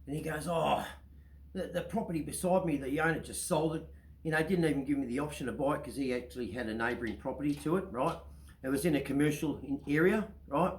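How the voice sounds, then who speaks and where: A man's voice: fairly high pitch, fast, reverberant, low-quality recording. A man with an Australian accent, hosting his own show and telling a long story in a casual, rambling way, often checking in with "right?". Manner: chatty, keeps asking "right?". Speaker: storyteller host.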